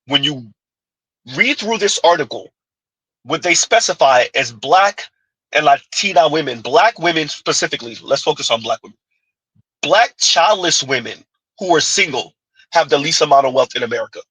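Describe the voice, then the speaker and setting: A husky man hosts his commentary, addressing viewers emphatically with rhetorical questions. His tone is bright and forceful, and the sound is dry and close. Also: on the high side, lively intonation, moderate pace, no echo, rough recording. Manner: emphatic, rhetorical, talks to the audience. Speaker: host.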